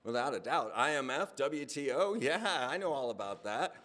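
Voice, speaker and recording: Animated man telling a rambling monologue. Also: mid-range voice, moderate pace. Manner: animated storytelling, voice rising when excited. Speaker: speaker on a hypnosis channel. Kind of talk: casual spoken monologue.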